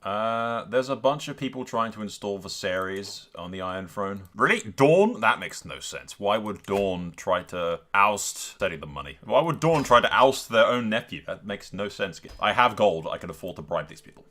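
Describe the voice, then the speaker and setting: A man with a lively, swinging voice gives casual let's-play commentary on a strategy game from his home. His voice is bright and forward, and he talks back at the characters on screen and laughs a lot. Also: fairly low pitch, normal speed, few pauses. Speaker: gaming YouTuber.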